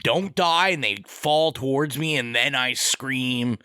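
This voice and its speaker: Male podcast host, bright and crisp, chatty and self-mocking, dry close mic. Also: mid-range voice, takes it slowly, dry recording. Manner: chatty, self-deprecating, jokey. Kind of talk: casual podcast chat.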